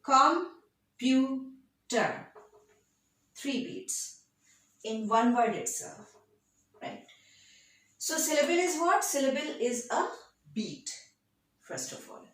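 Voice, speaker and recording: A woman lectures on poetry at a very slow, deliberate pace. Her voice sits fairly high for a woman. She is recorded in a strongly echoing room. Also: animated. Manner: slow, deliberate, checks in with "right?". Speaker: literature teacher. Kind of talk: classroom lecture. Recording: very echoey room.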